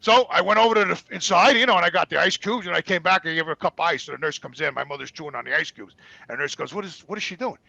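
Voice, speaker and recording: A middle-aged man telling stories as a guest, profane, heated and animated. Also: a little high, very fast, creaky, no room sound, lo-fi sound. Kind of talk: casual storytelling.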